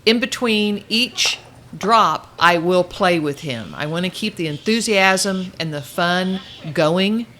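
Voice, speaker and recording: A woman dog trainer coaching a puppy in high sing-song praise, with calm explanations in between. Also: slow pace. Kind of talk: puppy training session with commentary.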